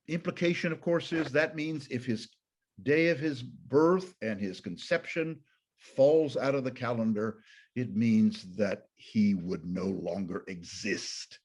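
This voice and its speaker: Older man, husky, unhurried Bible teacher. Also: mid-range voice. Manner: thoughtful, digressive, with frequent fillers and self-corrections. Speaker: pastor teaching a Bible study. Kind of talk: informal Bible lecture.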